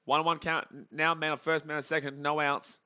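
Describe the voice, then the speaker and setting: A young Australian man hosting a live baseball reaction stream, joking with chat and calling pitches, swinging from muttering to shouting. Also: moderate pace, clean tone, dull audio. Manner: excitable, jokey, swings between muttering and shouting.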